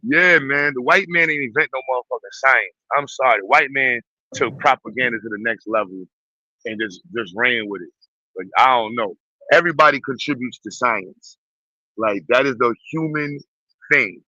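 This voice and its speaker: A man with a New York accent hosting a blunt, profane, animated rant in quick bursts. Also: mid-range voice, dry recording. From Brooklyn, New York. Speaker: host. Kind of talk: casual ranting commentary. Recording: dull, muffled dry sound.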